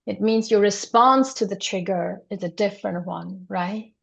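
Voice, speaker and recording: A woman's voice: mid-range voice, fairly even intonation, normal speed, vocal fry, fairly bright tone. A woman hosting a podcast interview, often affirming her guest and asking questions. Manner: affirming, frequent agreement sounds. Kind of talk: interview conversation. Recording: dull lo-fi sound.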